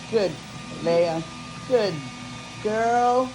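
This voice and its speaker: A woman's voice: lowish voice, expressive, very slow, over music, poor audio. A woman coaching her dogs through a workout, giving short, firm commands and praise. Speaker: dog owner.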